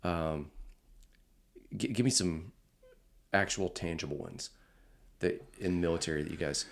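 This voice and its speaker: A man's voice: low-pitched, a little slow, creaky. A man hosting an interview, asking short prompting questions and adding brief comments. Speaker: podcast host. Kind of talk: conversational interview.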